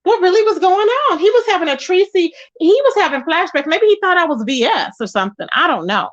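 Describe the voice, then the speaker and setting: Sassy high-voiced woman with lively pitch. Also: a little fast, lo-fi sound. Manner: sassy, emphatic, addresses viewers as y'all. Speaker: YouTube commentary host. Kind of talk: casual drama commentary chat.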